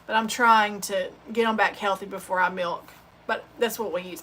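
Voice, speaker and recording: A woman's voice: medium pitch, fairly even intonation, moderate pace, sharp tone. A woman hosting a sewing channel, chatting casually on a livestream and telling heartfelt, rambling stories.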